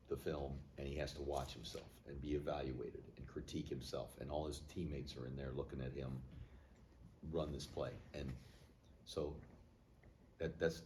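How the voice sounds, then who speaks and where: A middle-aged man speaks in a remarkably deep, low voice as a football head coach fielding questions from the press. He talks in a plainspoken, measured way and thinks aloud as he answers. A faint hum of background noise sits under his words. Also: a little mellow. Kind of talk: post-game media interview.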